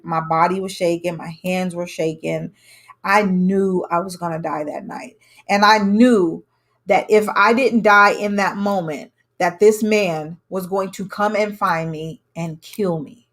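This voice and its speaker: A young adult woman telling a personal story to camera in a candid, conversational way, acting out what others said. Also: lowish voice. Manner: candid, conversational, with emphatic quoted dialogue. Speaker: vlogger telling her own story.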